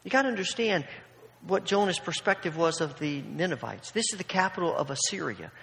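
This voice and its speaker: Casting: man preaching a sermon, high voice, chatty and funny, echoing in a large hall. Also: animated, fairly quick, creaky, a bit bright. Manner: conversational, with humorous asides.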